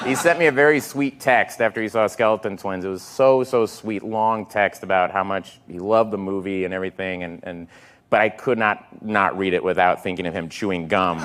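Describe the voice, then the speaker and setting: A middle-aged man telling lively anecdotes as a talk show guest. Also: fairly low pitch, a little fast. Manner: animated anecdotes. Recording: noisy talk show clip.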